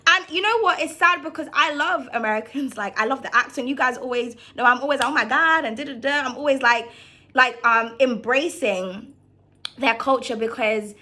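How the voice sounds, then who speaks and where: A woman's voice: fairly high pitch, normal speed, sharp tone. Blunt British woman ranting to camera. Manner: blunt, swears freely, frequent fillers. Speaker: tarot reader and channel host. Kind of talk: casual ranting monologue to camera.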